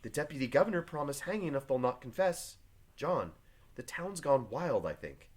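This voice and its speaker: A man voicing Elizabeth Proctor, a reserved farm wife, read quietly and plainly from a play. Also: medium pitch, very animated, normal speed, husky. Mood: guarded. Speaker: teacher reading a play aloud. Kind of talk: reading play aloud to a class.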